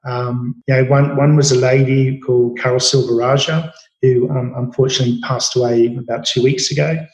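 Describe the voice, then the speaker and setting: A man's voice: mid-range voice, flat delivery, moderate pace, a little mellow, reverberant, rough recording. A middle-aged Australian man, a chef, telling stories casually in an interview, rambling with many fillers and restarts. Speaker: chef, podcast guest.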